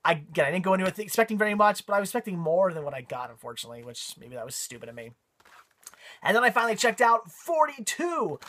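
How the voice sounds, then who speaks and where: A man's voice: high-pitched, big pitch swings, quick pace, fairly bright tone. A man giving a casual spoken movie review, rambling with frequent ums and repeated words.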